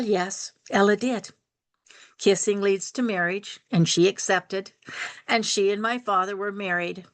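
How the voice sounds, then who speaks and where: A woman's voice: mid-range voice, fairly bright tone. Older woman telling a family story. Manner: unhurried, repeats phrases for rhythm. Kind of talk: personal family story told aloud.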